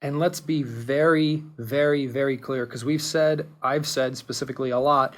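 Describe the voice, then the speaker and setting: A man's voice: medium pitch, fairly even intonation, moderate pace, few pauses. A man hosting a podcast, explaining nutrition research in an earnest way and repeating key points for emphasis. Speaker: podcast host. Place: Seattle studio.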